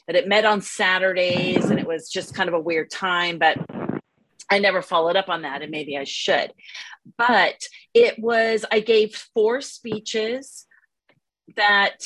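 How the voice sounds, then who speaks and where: A woman's voice: medium pitch, fairly bright tone, rough recording. A woman sharing an experience with a support group on a video call, rambling casually with many fillers. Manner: rambling, casual, lots of "you know".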